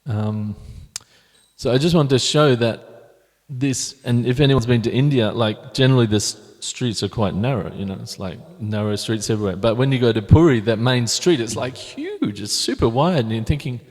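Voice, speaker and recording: A man's voice: medium pitch, moderate pace, a little mellow. A man teaching a scripture class at a temple, talking conversationally with frequent restarts while he shows pictures. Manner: conversational, many restarts, reflective. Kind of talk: scripture class talk with slides. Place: temple hall. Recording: long hall reverb.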